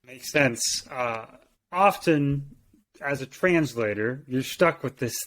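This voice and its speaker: Co-hosting a Bible language lesson, a man teaches conversationally, speaking thoughtfully and repeating words as he hunts for the right phrasing. His medium-pitched voice is a bit bright, and he takes it slowly.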